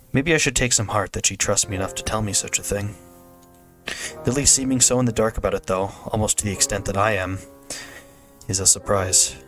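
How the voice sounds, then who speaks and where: A man streaming, reading a visual novel aloud in steady first-person narration, now and then restarting a phrase. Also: fairly low pitch.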